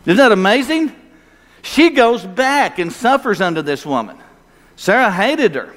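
A man's voice: high-pitched, big pitch swings, unhurried, a bit bright. A male pastor preaching a sermon, emphatic and full of rhetorical questions for the congregation. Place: church sanctuary. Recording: long hall reverb.

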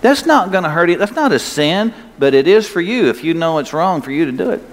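A man's voice: a little high, very animated, fairly quick. An older male pastor preaching a sermon in a folksy, emphatic way, his voice rising on key points. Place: church sanctuary. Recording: long hall reverb, faint ambience.

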